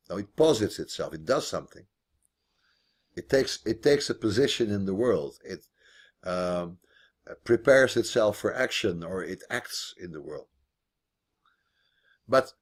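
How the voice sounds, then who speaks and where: A man's voice: fairly low pitch, breathy edge. A man teaching philosophy online in a video call, thinking aloud as he explains, with restarts and repeated words.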